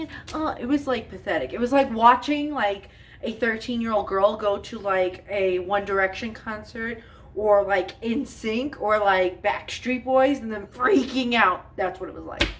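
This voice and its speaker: A woman's voice: medium pitch, recorded from a distance, a little hiss or hum. Chatty, exasperated woman vlogger. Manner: chatty, exasperated, laughs often, many fillers. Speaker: home cooking vlogger. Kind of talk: casual storytime while baking.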